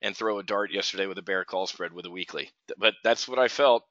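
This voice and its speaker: Forceful ranting middle-aged man. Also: low-pitched, fast, no room sound. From New Jersey, US. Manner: ranting, talks to chat viewers by name. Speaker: options trading host. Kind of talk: live trading stream commentary. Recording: dull lo-fi stream audio.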